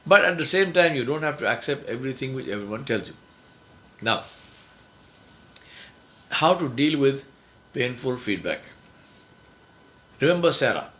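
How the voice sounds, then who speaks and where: A man's voice: sing-song, moderate pace, pauses often, bright, forceful tone, poor audio. A middle-aged man giving a motivational lesson, emphatic, acting out quoted phrases in a raised voice. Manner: emphatic, acts out quoted phrases with rising pitch. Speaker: speaker on success skills. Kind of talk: motivational talk.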